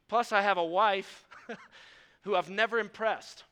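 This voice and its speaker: Male pastor preaching, high bright voice, clear and resonant, animated self-deprecating storyteller, long reverb in a church hall. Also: unhurried. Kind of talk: sermon. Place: church sanctuary.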